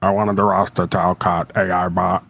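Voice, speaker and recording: A man's voice: sits low, level tone, moderate pace, gravelly, fairly bright tone. A man guest in a casual online chat, speaking in a hesitant, apologetic way.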